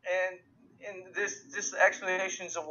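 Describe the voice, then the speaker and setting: A man's voice: high-pitched, little pitch movement, unhurried, pushed and bright. A young man chatting casually over a voice call, rambling and profane, mocking things with sarcastic put-on quotes. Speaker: discussion co-host. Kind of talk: casual Skype chat. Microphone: video call. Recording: dull lo-fi voice call audio.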